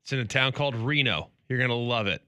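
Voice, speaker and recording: Man, sports radio co-host, very bright edgy tone, deadpan one-word jokes, laughs a lot, dry studio mic. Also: mid-range voice, fast talker, dry recording. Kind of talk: casual sports talk.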